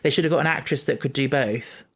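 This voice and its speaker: A man co-hosting a casual podcast, explaining points in a steady way. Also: medium pitch, fast, slightly rough. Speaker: podcast co-host. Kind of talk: casual chat.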